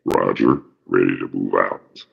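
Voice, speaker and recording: A suave caped superhero purrs his lines low and slow, a ladies' man with a smooth, hushed voice, as a man puts him on. The voice sits well below the speaker's normal pitch and comes through a dull, lo-fi recording. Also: fairly even intonation, heavily acted. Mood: suave, seductive. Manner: low, slow, seductive murmur.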